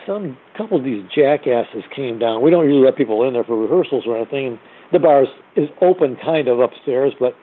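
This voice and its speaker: A man, a musician, telling a blunt and profane story in a casual spoken way. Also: medium pitch. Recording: tinny phone-like audio.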